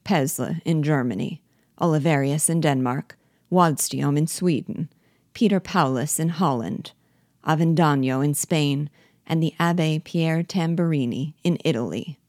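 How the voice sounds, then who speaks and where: A woman's voice: deep voice, measured pace, darkish tone, no echo, studio quality. A woman reading the lines of a pompous, ruthless male colonial general in a declaiming, self-important way.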